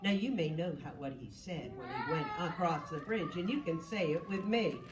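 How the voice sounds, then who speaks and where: A woman's voice: lowish voice, normal speed, recorded from a distance, heavy background noise. A woman storyteller telling a children's tale at a bookstore in a sing-song, playful way, talking with the audience. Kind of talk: live children's storytelling with guitar. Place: bookstore event. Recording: roomy store with loud guitar.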